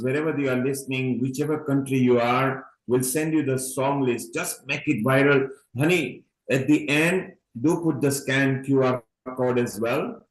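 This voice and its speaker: A man with a mid-range voice hosts a casual online event over a video call, chatting, calling people honey, and urging everyone on. The recording is reverberant and low quality.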